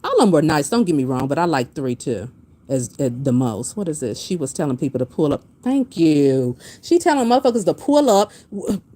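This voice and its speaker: Blunt, animated woman commentary host. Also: deep voice, fairly quick. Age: adult with a master's degree. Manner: blunt, profane, animated, reads chat comments aloud. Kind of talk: profane casual commentary.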